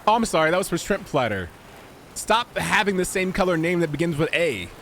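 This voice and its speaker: A man's voice: fairly high pitch, sing-song, normal speed, pushed and bright, slight background noise. A man streaming a video game, making jokey, rambling comments with goofy asides. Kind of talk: casual gameplay commentary.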